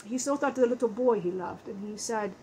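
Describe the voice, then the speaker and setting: A woman channeling a grown male spirit who speaks in an earnest, halting, emotional way. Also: mid-range voice, mellow, slight background noise, lightly acted, poor audio. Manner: earnest, halting, emotional storytelling with many restarts.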